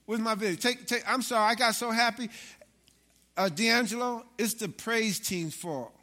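A man preaching a lively sermon, with asides to his congregation. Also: high voice, moderate pace. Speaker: pastor.

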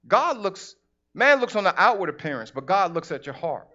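A man preaching a sermon in church, animated and conversational, acting out little asides. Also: sits high, moderate pace, lo-fi sound.

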